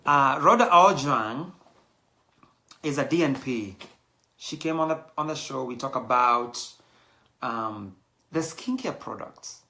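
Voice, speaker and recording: A man's voice: medium pitch, expressive, slow pace, pauses often, bright, forceful tone. A middle-aged Kenyan man hosting his show, talking in a casual, rambling monologue with Swahili phrases mixed in. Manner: chatty, digressive, mixes in Swahili phrases. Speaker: show host.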